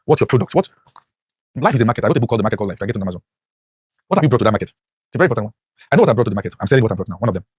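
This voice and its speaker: A man's voice: on the low side, sing-song, racing, pauses often, a little mellow, husky, no room sound. A man giving a motivational lecture to a class, preachy and full of rhetorical questions, his voice leaping up sharply on key points. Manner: voice leaps up sharply when stressing points. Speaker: motivational teacher.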